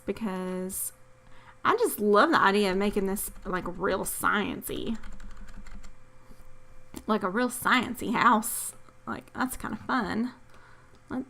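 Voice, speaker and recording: A woman's voice: mid-range voice, gravelly, a bit bright. Tired, rambling woman gamer. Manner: rambling, apologetic, self-deprecating. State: tired, yawning. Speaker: gaming channel host. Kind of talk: casual gameplay commentary.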